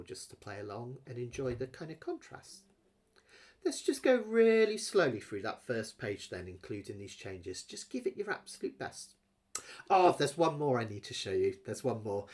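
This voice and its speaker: A man teaching a live online ukulele lesson, chatty and encouraging, sometimes singing along as he plays. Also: mid-range voice. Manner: encouraging, chatty, sings along while playing. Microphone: webcam with close-up camera angle. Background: ukulele playing.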